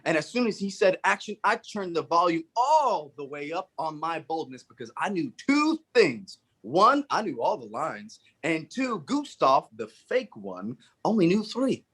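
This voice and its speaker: A man with a somewhat high, husky voice tells a story on stage. He swings his pitch widely and plays it theatrically for a speaking-club audience. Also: big pitch swings, measured pace, few pauses, a bit bright. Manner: theatrical, acts out the other people in the story. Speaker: Toastmasters speaker. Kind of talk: dramatic storytelling speech.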